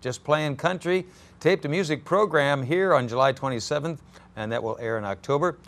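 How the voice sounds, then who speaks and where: A man's voice: on the high side, normal speed. A man hosting a local community news show, reading announcements in an upbeat, plain way. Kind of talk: casual news segment hosting.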